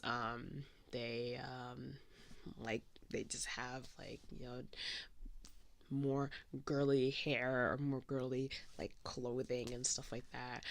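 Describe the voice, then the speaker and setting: A woman's voice: extremely low pitch, creaky, a bit bright, dry recording. A woman hosting a podcast in a casual, meandering chat while she draws, with lots of "um" and "like". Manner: chatty, meandering, full of "um" and "like". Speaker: podcast host.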